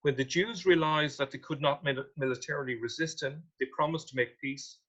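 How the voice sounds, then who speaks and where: A man's voice: fairly high pitch, a little fast, fairly bright tone, low-quality recording. A man presenting a history talk with slides, reading out old quotations and questioning what they mean. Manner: reads quotations aloud, then questions them.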